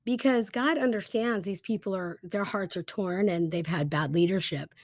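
A woman's voice: medium pitch, moderate pace, no room sound, studio quality. Woman retelling a Bible story casually. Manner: lively storytelling with fillers like "um" and "like". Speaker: Bible teacher.

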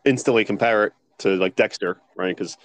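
A man co-hosting a casual podcast, telling stories in an animated way and sharing strong opinions. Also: fairly low pitch, brisk. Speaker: podcast co-host. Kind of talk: casual chat.

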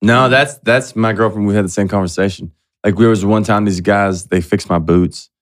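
A man's voice: lowish voice, normal speed. A young man, a stand-up comedian, telling rambling, profane stories in casual podcast chat, full of fillers. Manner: rambling, profane, animated storytelling with many fillers.

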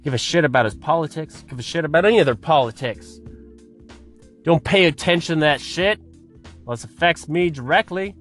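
A man's voice: a little high, brisk, fairly bright tone, soft background music. A man hosting a podcast, delivering a profane comedic rant in an exasperated, swearing manner. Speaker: podcast host.

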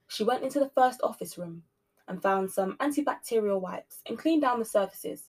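A woman hosting a podcast, narrating a spooky story with expressive shifts between loud and soft delivery. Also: a little high, husky. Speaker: podcast host reading a story.

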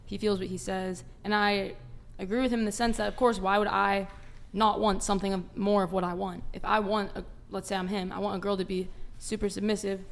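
A woman's voice: mid-range voice, little pitch movement, a little fast, vocal fry, few pauses. A woman on a casual panel, nonchalant and rambling as she gives her take. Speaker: panel guest.

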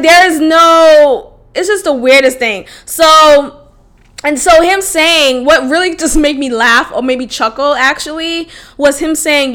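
A woman hosting a solo podcast, telling a personal story in a casual, animated way that swings into loud, exasperated outbursts. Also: high-pitched, a little slow. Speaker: podcast host.

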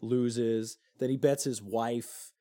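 Man with a mellow voice, telling myths casually. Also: medium pitch, slow pace. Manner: animated retelling with lots of fillers and crude jokes. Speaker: podcast co-host. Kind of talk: casual storytelling chat.

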